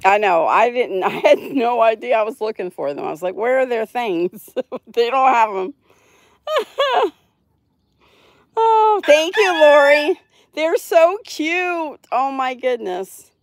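A woman's voice: a little high, very animated, unhurried, pauses often, dry recording. A woman from Florida hosting a casual live stream, chatting and laughing as she reads out viewers' messages. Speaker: livestream host. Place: home in Florida.

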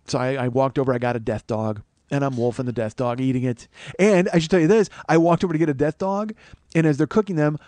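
A man in his forties telling a profane, animated story as a podcast host. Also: a little high, no echo. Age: 40s. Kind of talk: storytelling monologue.

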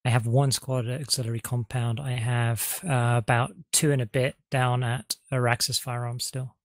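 A man answers his commander over game voice chat with brief radio-style replies. His voice sits at a middle pitch. The sound is dry and close. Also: flat delivery, normal speed, no echo. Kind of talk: voice comms, status reports.

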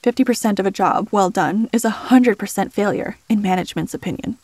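A woman voicing a smooth middle-aged male HR boss with polished, condescending politeness. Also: mid-range voice, brisk, darkish tone, no room sound, close to an everyday voice. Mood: smug.

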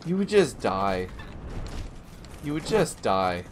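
A man streaming a game live, commenting casually and breaking into yells, groans and jokes as he plays. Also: lowish voice, sing-song, slow pace, a little hiss or hum.

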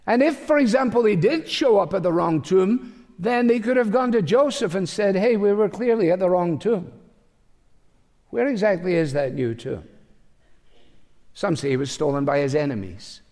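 A man's voice: high voice, a little mellow. An older man preaching a sermon to a congregation, talking conversationally and slipping in wry, humorous asides. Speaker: pastor. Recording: long hall reverb.

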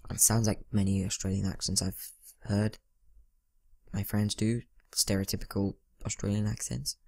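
A man's voice: fairly low pitch, flat delivery, normal speed, vocal fry, dark tone, husky. A teenage boy giving rambling, casual commentary over a video game, talking to himself and mumbling asides. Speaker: gaming channel host. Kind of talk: casual let's-play commentary.

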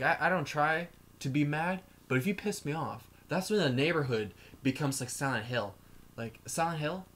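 A man's voice: on the high side, fairly bright tone. A man delivering an emotional vlog rant, heated and profane, rambling from point to point. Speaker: YouTuber.

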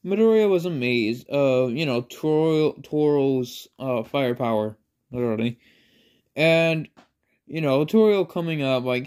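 Dude rambling thru a fan story, slow, pitch jumping all over the place. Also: male voice, animated, a little mellow, smooth. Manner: rambling, lots of "like" and "you know", self-conscious.

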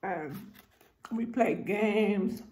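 A woman with a New York accent, telling animated family stories in a casual storytime vlog. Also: mid-range voice, very slow, background noise. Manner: animated storyteller acting out voices.

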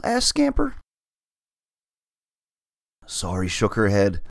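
Lively man reading a children's story. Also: on the low side, normal speed, dry recording, clean studio sound. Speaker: storybook reader and host. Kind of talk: children's story read-aloud.

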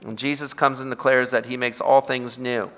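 Male pastor, Bible study teacher; bright, smooth voice; emphatic, repetitive, asks questions; reverberant hall. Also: medium pitch, flat delivery, normal speed.

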